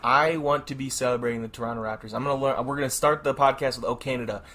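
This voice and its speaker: A man's voice: medium pitch, steady tone, a bit bright. A young man co-hosting a casual sports podcast, joking and laughing as he talks. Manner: joking, laughs often, quick asides. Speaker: podcast co-host.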